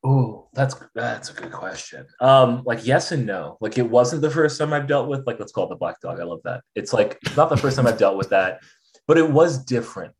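A man's voice: mid-range voice, moderate pace. A young man as a podcast guest, talking candidly and acting out the voices of people he quotes. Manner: animated, acts out quoted voices. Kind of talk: candid conversational storytelling.

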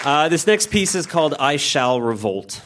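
Man reading a story, animated. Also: fairly high pitch, moderate pace, crowd noise, background noise. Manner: animated, playful. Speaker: reader.

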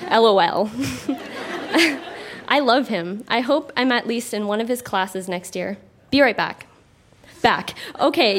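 A young Canadian woman stands on a theatre stage reading her teenage diary aloud, her voice sitting a little high. She keeps breaking into laughter between entries. A faint hiss runs underneath. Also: fairly bright tone. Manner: amused, breaks into laughter often. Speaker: guest reader.

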